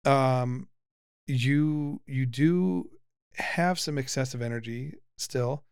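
A middle-pitched man in his forties talks in a relaxed podcast chat. He is lively and teasing, with plenty of stops and restarts. The sound is dry and close to the mic. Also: slow pace, clean tone, no room sound. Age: 40s. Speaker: podcast host, father. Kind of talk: casual conversational podcast.

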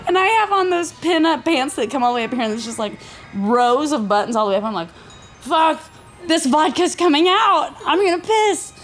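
A young woman from Tennessee tells a rowdy story in an interview, her voice set high. She swears freely and acts out every quoted voice with animation. Music plays clearly underneath her. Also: big pitch swings, moderate pace, long pauses. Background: background music.

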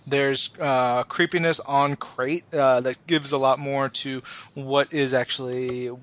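A man's voice: mid-range voice, steady tone, slow pace, fairly bright tone, clean tone. A man co-hosting a podcast in casual chat, enthusiastic and rambling with many fillers. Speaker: podcast co-host.

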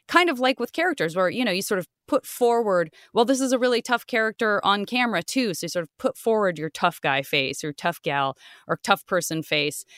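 A woman hosting a podcast, chatting in an animated, talkative way, her voice jumping high when she gets excited. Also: smooth, dry recording, clean studio sound. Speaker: podcast host; voice actress. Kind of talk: casual podcast chat.

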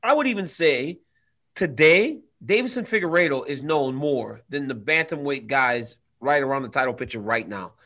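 A man's voice: mid-range voice, lively intonation, moderate pace, sharp tone. A man co-hosting a casual sports chat, emphatic in his opinions and playfully mocking himself and his co-host.

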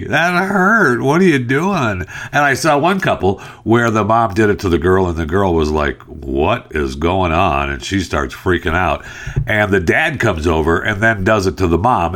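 Deep voiced guy ranting on his show, laughs a lot, keeps restarting sentences. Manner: animated, laughing, exasperated; rambling with restarts and fillers. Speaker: podcast host. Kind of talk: casual opinion talk.

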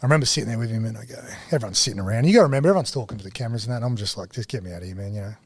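A man's voice: mid-range voice, racing, slightly rough, no room sound, clean studio sound. Laid-back Australian man telling stories. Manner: animated, laid-back storyteller, slangy. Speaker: guest, TV host and former rugby league player. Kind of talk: casual storytelling interview.

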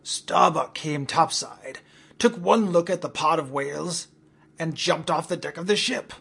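A man narrating a comic story in a deadpan storytelling manner. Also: fairly high pitch, measured pace, gravelly, slightly rough.

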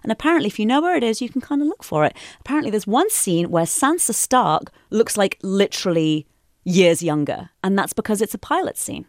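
A woman's voice: mid-range voice, very animated, a little fast, no room sound, studio quality. A woman hosting a casual podcast quiz, playful and teasing as she quizzes her co-hosts. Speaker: quiz host.

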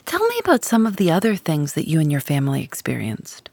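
A woman hosting a podcast, narrating and asking interview questions in an expressive way. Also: sits low, fast talker, gravelly, breathy edge, dry recording. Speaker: podcast host.

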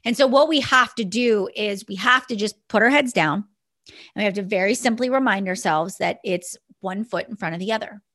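A woman's voice: medium pitch, moderate pace, a bit bright. A young woman, a business mentor, telling a motivational story in an earnest, storytelling way. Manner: earnest storytelling, many restarts. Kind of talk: motivational podcast talk.

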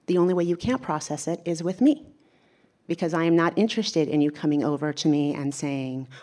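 A woman telling a personal story in a candid, animated way, acting out what other people said. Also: sits low, brisk. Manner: candid, animated, acts out quoted voices.

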